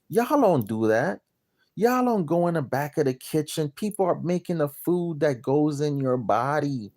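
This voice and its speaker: A man's voice: fairly high pitch, big pitch swings, normal speed, darkish tone. A man selling land and property, delivering a crude, blunt, repetitive rant to his viewers. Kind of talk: profane motivational rant to camera.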